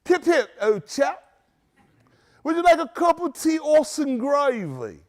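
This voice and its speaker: A man playfully putting on a jolly, high, sing-song posh Englishman voice with a put-on English accent. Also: very animated, unhurried, heavily acted. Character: mock posh Englishman offering tea, jolly.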